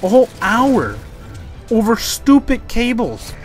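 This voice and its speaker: A man's voice: extremely high pitch, huge pitch swings, slow, soft background music. A young man from Canada, telling a rambling, exasperated story over gameplay commentary. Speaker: gaming YouTuber.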